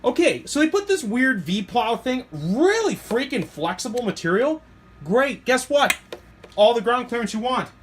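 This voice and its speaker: A middle-aged man, casually reviewing toy trucks in an excitable, rambling way. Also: unhurried, slight background noise. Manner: excitable, rambling, jumps to high squeals when thrilled. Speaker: hobby shop owner reviewing RC trucks.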